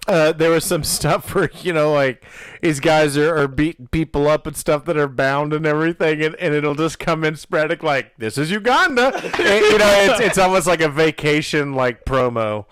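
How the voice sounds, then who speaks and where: A man's voice: a little high, normal speed, fairly bright tone, smooth. A man co-hosting a casual movie review chat, rambling with many restarts and fillers. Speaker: podcast co-host.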